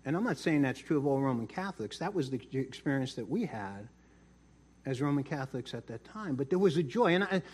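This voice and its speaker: A man's voice: medium pitch, expressive, fairly quick, darkish tone, breathy edge. A middle-aged man preaching a sermon, telling a personal story in a chatty way and often repeating words. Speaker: pastor.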